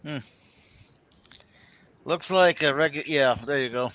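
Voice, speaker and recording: A man's voice: fairly high pitch, measured pace, fairly bright tone, muffled recording. A man hosting a livestream in casual chat, rambling and hesitant, repeating his words and swearing offhandedly. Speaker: livestream host.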